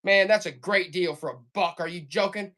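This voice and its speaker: A woman selling items on a live stream auction in fast, joking, hyped-up sales patter, coughing now and then. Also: on the low side, a bit bright. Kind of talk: casual live selling banter.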